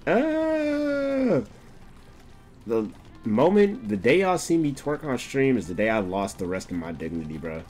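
A young man streaming a game, chatting casually, swearing often and breaking into laughter and excited outbursts. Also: lowish voice, moderate pace, soft background music. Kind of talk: casual gameplay commentary.

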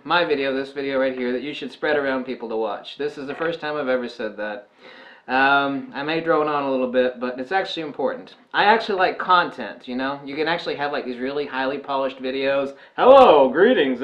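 A man's voice: on the high side, a bit bright, muffled recording. A man talking casually to camera as a photography vlogger, rambling with many "uh" and "um" fillers and jokey asides.

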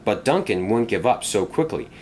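A man narrating a children's storybook tale in an expressive, animated way. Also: fairly low pitch, moderate pace, a little hiss or hum.

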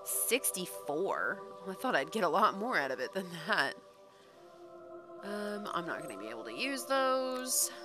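A woman's voice: mid-range voice, big pitch swings, a little slow, music in the background. A woman streaming a fantasy role-playing game live, chatting and reacting aloud as she plays. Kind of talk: live let's-play commentary.

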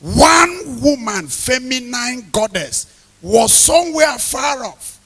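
A man preaching an evening sermon, emphatic, repeating key phrases, questioning the congregation and bursting into loud shouted lines. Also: extremely high pitch, animated, slow pace, slightly rough.

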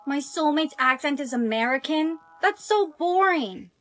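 A woman acting in comedic POV skits, excitable and quick to exclaim. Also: high-pitched, faint music behind. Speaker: skit creator.

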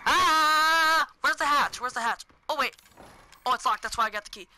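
Teen girl, lively let's-play commentator, bright piercing tone, faint noise behind her. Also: on the high side, quick pace, rough recording. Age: teens. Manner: hyper, jumpy, yelps and screams at scares. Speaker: gaming commentator.

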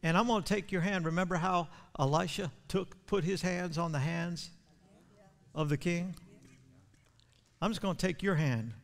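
A male pastor preaching a sermon, repeating his words and building to loud, fervent passages. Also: sits high, moderate pace, vocal fry, long pauses. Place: church sanctuary. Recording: long church hall reverb.

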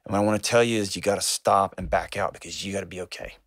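A man's voice: deep voice, rapid-fire, dry recording. Male call-in host, emphatic and earnest, repeats lines for weight, dry close sound. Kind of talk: call-in advice talk.

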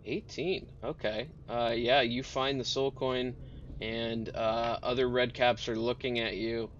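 A man's voice: mid-range voice, steady tone, a little slow. A man narrating as game master of a tabletop game, hesitant with many fillers, on dull lo-fi audio. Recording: dull lo-fi audio, faint noise.

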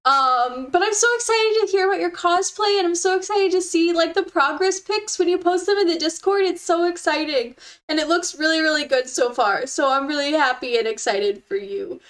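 A young woman with a bright, high voice gushes and giggles as she chats casually with her stream viewers. Her talk is effusive and warm toward the chat, all excitement and affection. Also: moderate pace.

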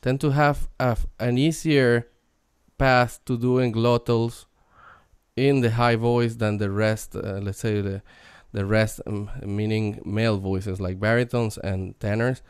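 Low-voiced man host, smooth and dry. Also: fairly even intonation, unhurried, no room sound. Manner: hesitant, many fillers and restarts. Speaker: interview host. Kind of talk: casual interview questions.

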